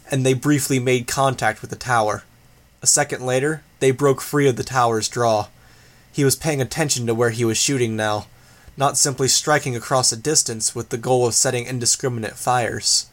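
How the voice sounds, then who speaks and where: A man reading a novel aloud as an audiobook, steady and measured. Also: mid-range voice. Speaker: audiobook reader. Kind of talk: scripted narration.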